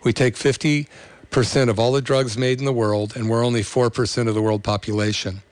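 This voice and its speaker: A middle-aged man, a chiropractor, telling a patient story in an earnest, halting way with many fillers and restarts. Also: medium pitch, steady tone, a little mellow, dry recording. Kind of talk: storytelling to an audience.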